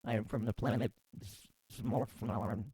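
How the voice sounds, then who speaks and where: A man voicing a male alien visitor from another planet, making slow, flat announcements. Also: fairly low pitch, slightly rough, no echo. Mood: deadpan.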